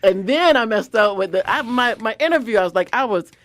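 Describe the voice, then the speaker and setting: A woman guest telling stories in an interview, loud and lively, often acting out other people's voices. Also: fairly high pitch, brisk. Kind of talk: animated storytelling in an interview.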